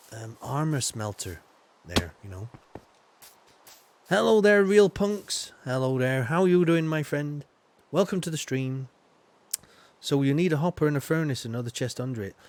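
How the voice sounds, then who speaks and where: A man streaming a game live, chatting loosely with viewers, greeting them by name and filling his talk with ums and you-knows. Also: medium pitch. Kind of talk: live gameplay commentary.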